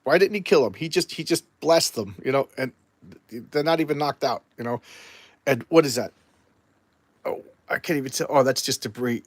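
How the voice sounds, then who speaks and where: A man's voice: medium pitch, normal speed, pauses often, dry recording. A man rambling through an opinionated casual review of an old comic book.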